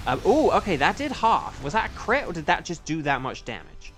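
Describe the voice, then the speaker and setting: A man who voices games, streaming a game and chatting casually, thinking aloud and breaking into loud playful outcries. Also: a little high, big pitch swings, moderate pace. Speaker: streamer and voice actor.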